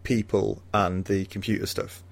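A man's voice: lowish voice, level tone, normal speed, vocal fry. A man in his thirties co-hosting a casual film podcast, often laughing and talking with many fillers and restarts. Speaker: podcast co-host.

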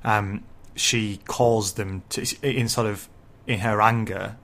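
A man's voice: lowish voice, fairly even intonation, slow pace, fairly bright tone. A man co-hosting a casual book-discussion podcast, laying out ideas step by step. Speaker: podcast co-host.

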